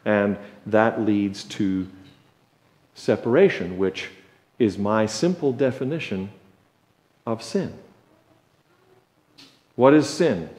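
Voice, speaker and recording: A male preacher giving a sermon in a conversational, joking way, slow and deliberate, in a church. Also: on the low side, a little mellow. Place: church sanctuary. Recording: echoey church sanctuary.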